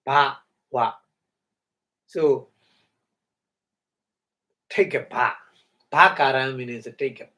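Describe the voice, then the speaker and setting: A man giving a Dhamma talk in halting English, breaking Pali words into syllables, often chuckling and asking if listeners follow. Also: medium pitch, bright, forceful tone. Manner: halting non-native English, chuckles often, checks understanding. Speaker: meditation teacher.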